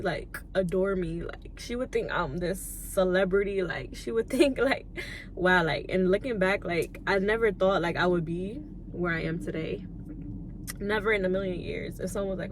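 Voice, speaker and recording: A young woman in her twenties telling her life story in an emotional vlog, soft-spoken and on the edge of tears, with many "like"s. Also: medium pitch, moderate pace, noisy background. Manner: soft-spoken, filler-heavy, tearful at times. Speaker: YouTuber and lash tech.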